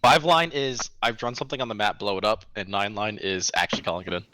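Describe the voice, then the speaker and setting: A man's voice: lowish voice, expressive, quick pace, pushed and bright, a little hiss or hum, poor audio. A man leading a casual voice chat during a game, telling a long story in a ranting, storytelling way. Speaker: streamer and unit leader.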